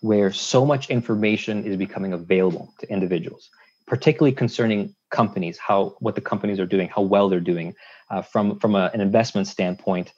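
A man from Canada, a lawyer guest on a podcast, building long measured points with analogies and restarts. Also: on the low side, a little mellow. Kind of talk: casual conversational interview. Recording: dull lo-fi sound.

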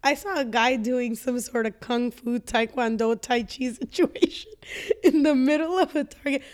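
High-voiced chatty woman. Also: normal speed. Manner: chatty, reactive, laughs often. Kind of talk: casual chat. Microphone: studio microphone.

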